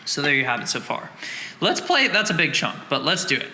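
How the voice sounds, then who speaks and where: Brisk and slightly high-pitched, with big swings in pitch, a man teaches drum rhythms by counting and singing the beats, correcting himself often. Heavy background noise and loud drumming fill the echoey room where he's recorded.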